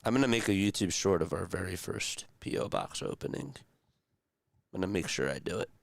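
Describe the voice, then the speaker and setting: A young man calling a game play-by-play on a live stream, chatty and rambling between pitches and talking to his viewers. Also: lively intonation, a little fast, gravelly, no room sound. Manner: chatty, rambling asides between calls, talks to chat. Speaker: streamer doing radio-style play-by-play.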